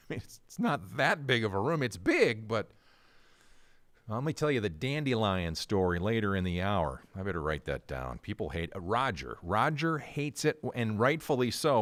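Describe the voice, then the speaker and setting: A man hosting a live local morning radio show from the studio, chatty and jokey, a little out of breath. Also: mid-range voice. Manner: chatty and lively, jokey asides. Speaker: radio host. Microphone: studio microphone with headphones.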